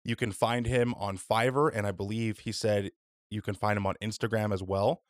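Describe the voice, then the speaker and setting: A man's voice: lowish voice, steady tone, normal speed, no room sound, studio quality. A man hosting a podcast in casual chat, laid-back, swearing freely and using many fillers. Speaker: podcast host.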